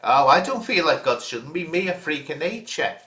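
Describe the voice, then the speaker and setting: Male vlogger, forceful bright voice, indignant scolding rant, roomy echo. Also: on the high side, sing-song, brisk. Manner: indignant, scolding direct address. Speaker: channel host. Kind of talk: ranting reaction video.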